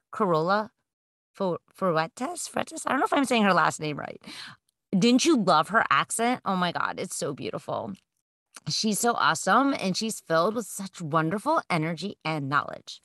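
A woman's voice: medium pitch, a bit bright, no echo. Woman, 30s, solo podcast host; upbeat, chatty, casual swearing, dry close sound. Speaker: podcast host and business coach.

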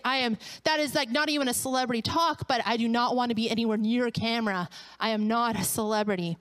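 Woman pastor preaching, smooth clear voice, kinda high, acts out the people in her stories. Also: fast. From Canada. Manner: animated storytelling, acting out quoted voices. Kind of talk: sermon.

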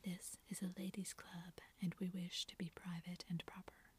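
A woman's voice: fairly low pitch, level tone, normal speed. A woman whispering as a prim proper girl. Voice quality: breathy whisper. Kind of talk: whispered role-play.

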